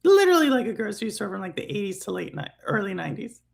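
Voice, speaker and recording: A woman's voice: mid-range voice, sing-song, very fast, gravelly, darkish tone. A woman co-hosting a podcast in casual chat, rambling and teasing over a remote online call. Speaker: podcast co-host.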